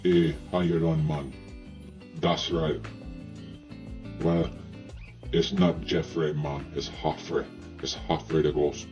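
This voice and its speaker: Man doing a cocky male ghost, put-on Jamaican accent, dark low voice, dull lo-fi sound, guitar behind. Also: level tone, slow, pauses often. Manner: drawling, swearing, keeps saying "man". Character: laid-back, rude male island ghost.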